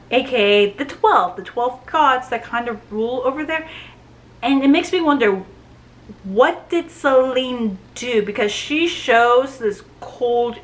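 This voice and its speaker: A woman's voice: a little high, fairly bright tone, low-quality recording. A woman giving a casual, enthusiastic book review, recapping the plot in a chatty way with frequent "like" and "you know". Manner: chatty and enthusiastic, with many fillers.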